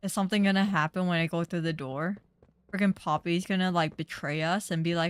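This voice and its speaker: A woman's voice: lowish voice, fairly even intonation, brisk, smooth, no room sound. A young woman streamer giving casual, chatty gaming commentary that turns indignant and rambling.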